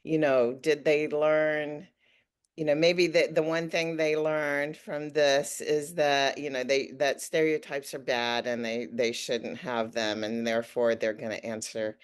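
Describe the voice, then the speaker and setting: A woman in the audience of an online webinar asks a follow-up question. Her voice is strikingly low and she speaks slowly. She is tentative, thinking aloud as she goes. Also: little pitch movement, smooth. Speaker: audience member asking a question.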